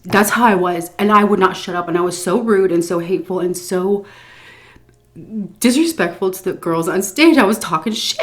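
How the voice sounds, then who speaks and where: Woman, vlogger, story time, frequent laughter, profane, self-mocking, mid pitch. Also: expressive, normal speed, a bit bright. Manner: laughs often while telling, blunt and profane; self-mocking, embarrassed confessional tone.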